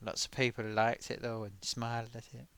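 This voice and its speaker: A man's voice: mid-range voice, flat delivery, normal speed, a bit bright, clean tone, no echo, lightly acted. A man voicing a cheeky male sock puppet host, reading viewer comments in a chatty way full of oofs and sighs. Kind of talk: live-stream chat.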